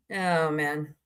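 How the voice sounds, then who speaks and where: A woman hosting a casual live stream, chatting and joking with viewers about movies and reading their comments. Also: deep voice. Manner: chatty, jokey, reads and answers viewer comments. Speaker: livestream host.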